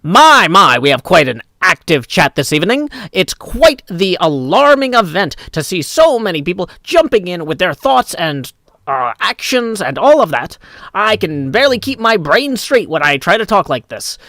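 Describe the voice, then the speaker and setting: A man's voice: sits high, sing-song, normal speed, sharp tone, dry recording, voice pushed up, exaggerated voice. A man doing a pompous old radio announcer. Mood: theatrical. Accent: mid-Atlantic. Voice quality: clipping, distorted mic. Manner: grand, theatrical delivery.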